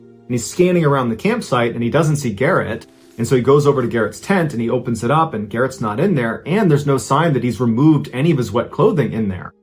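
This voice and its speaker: A man narrating a true disappearance story in a conversational, suspenseful way. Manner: conversational, builds suspense with rising pitch and slow pauses. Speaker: storyteller host.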